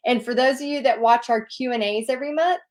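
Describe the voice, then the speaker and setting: A middle-aged woman hosts a relaxed live Q&A and reads viewer comments aloud. Her voice sits somewhat high, and she gushes warmly and effusively over each one. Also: quick pace. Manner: bubbly, gushing, effusive. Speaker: host reading viewer questions. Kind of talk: casual live Q&A.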